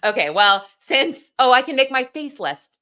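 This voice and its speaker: A woman's voice: sits high, very animated, normal speed, bright, forceful tone. A woman in her thirties hosting a livestream, chatting casually, reading comments aloud and laughing at herself. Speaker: livestream host.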